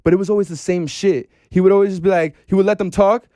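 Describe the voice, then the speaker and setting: A man talking casually as a podcast guest, animated and slangy, saying "bro" often. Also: high voice, fast talker, dry recording, clean studio sound.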